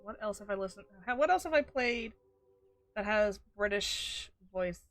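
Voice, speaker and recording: A woman streaming a game live, reacting excitably with swearing, shouts and laughs. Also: mid-range voice, normal speed.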